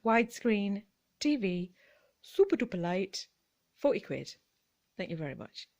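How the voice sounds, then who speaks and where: A woman's voice: medium pitch, big pitch swings, unhurried, a little mellow. A woman with a British accent chatting casually on her vlog, rambling and giggling, often trailing off mid-thought. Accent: British English. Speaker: vlogger. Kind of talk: casual chat.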